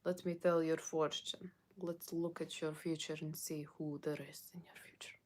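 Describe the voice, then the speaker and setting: A mysterious Russian fortune-teller woman, put on by a low-voiced woman, whispered role-play with a thick Russian accent. Her voice is hushed and breathy, slow and low. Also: flat delivery, slight background noise, lightly acted.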